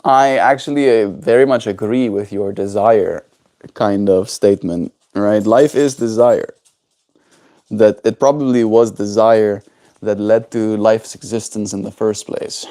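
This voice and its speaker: Slow, gentle man streaming from home. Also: lowish voice. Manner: unhurried, gentle, chats with his pet and reads viewer comments. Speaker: livestreamer. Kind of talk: casual live-stream chat.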